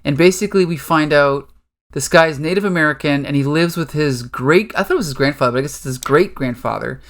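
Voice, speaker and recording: A man's voice: a little high, fast, fairly bright tone. A man hosting a podcast, recapping a story in a loose, rambling casual chat. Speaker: podcast host.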